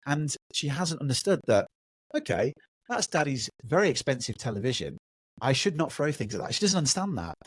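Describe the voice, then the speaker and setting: A man's voice: medium pitch, fairly quick, breathy edge, no echo. A man in his thirties hosting a podcast, telling stories in a casual chat and acting out the voices of the people in them. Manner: animated storyteller who acts out voices. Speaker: podcast host.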